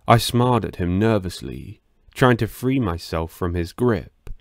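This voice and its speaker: Gravelly low-voiced horror narrator. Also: male voice, animated, measured pace, no echo, studio quality. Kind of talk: scripted first-person horror narration.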